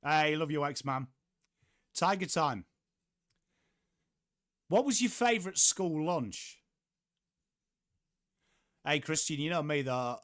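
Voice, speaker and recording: A young Englishman hosts a live football watchalong, with a fairly high voice for a man. He chats loosely, curses casually and greets viewers by name between bits of play-by-play. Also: expressive, slow pace, long pauses, fairly bright tone. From England. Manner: chatty, swears casually, reads out viewer chat. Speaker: livestream host.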